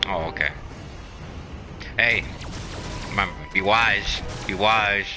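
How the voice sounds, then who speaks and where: A man's voice: on the low side, takes it slowly, music in the background. A man casually chatting while playing a video game, rambling and encouraging, with lots of fillers. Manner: rambling, motivational, many fillers. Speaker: gaming channel host.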